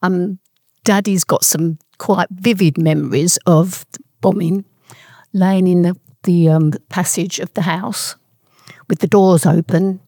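Older woman, low and mellow, telling family memories in halting, meandering stretches. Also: fairly even intonation, no echo, studio quality. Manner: rambling, halting storyteller. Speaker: interviewee. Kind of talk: oral history reminiscence.

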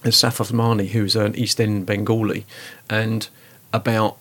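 A man's voice: lowish voice, flat delivery, measured pace, a bit bright. A middle-aged man from the East End of London, a guest telling stories in a chatty, rambling way. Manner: rambling, chatty, lots of asides. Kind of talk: casual conversational storytelling.

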